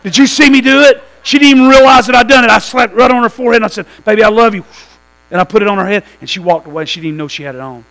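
High-voiced preacher man, humming line. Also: very fast, few pauses, poor audio. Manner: animated storytelling preacher, calls out to the congregation. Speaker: pastor. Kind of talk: sermon. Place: church.

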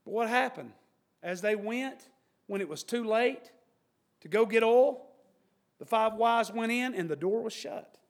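High-voiced preacher. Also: male voice, unhurried, long pauses. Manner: preaching with sudden shouts and mocking quoted voices. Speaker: pastor. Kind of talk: sermon.

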